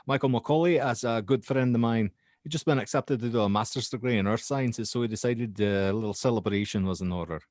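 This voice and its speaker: A man voicing a young Scottish male university student in a put-on Scottish accent, reading a horror statement with halting restarts. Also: mid-range voice, darkish tone, no room sound, studio quality, pitched above the performer's own voice, lightly acted. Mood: uneasy recounting.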